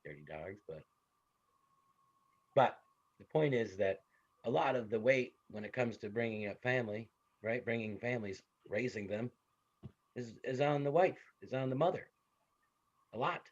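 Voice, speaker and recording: A man in his thirties or forties giving a classroom psychology lecture, animated and conversational, with stories from home. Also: mid-range voice, moderate pace, long pauses, dull audio. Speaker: psychology instructor.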